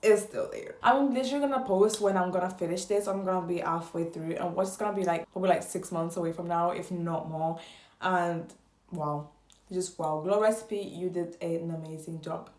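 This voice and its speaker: A woman's voice: on the low side, moderate pace, a little mellow, reverberant. A woman vlogging casual beauty product reviews in a gushing way, repeating her words for emphasis.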